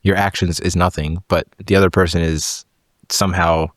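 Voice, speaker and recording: Low-voiced man joking around. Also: level tone, moderate pace, no echo, studio quality. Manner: joking, teasing interjections. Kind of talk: casual conversation.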